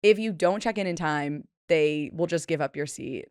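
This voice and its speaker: A woman's voice: sits low, moderate pace, a little mellow, clean tone, no room sound, studio quality. A woman in her twenties hosting a solo podcast, telling stories in a chatty, self-deprecating way and acting out the people she quotes. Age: 20s. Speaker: podcast host. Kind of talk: casual solo podcast storytelling.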